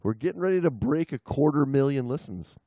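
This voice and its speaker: A man's voice: medium pitch, animated, brisk, warm tone, no room sound, studio quality. A man co-hosting a casual podcast, rambling with many fillers and restarts. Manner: rambling, lots of you-knows, mock accents for laughs. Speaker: podcast co-host. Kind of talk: casual chat.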